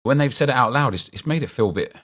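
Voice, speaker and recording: A man's voice: medium pitch, animated, quick pace, fairly bright tone. A young man chatting casually as he streams a football game, rambling and answering his viewers' chat as he reacts to picks.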